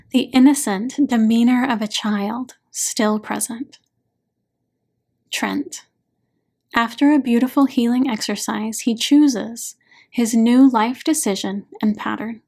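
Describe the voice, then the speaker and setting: Woman hypnotherapist narrating audiobook, gentle, unhurried, slightly high. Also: steady tone, creaky.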